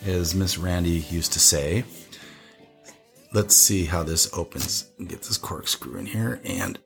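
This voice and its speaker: A man's voice: deep voice, slow pace, creaky, a bit bright, soft background music. A man co-hosting a casual wine tasting show, chatty and rambling, laughing often.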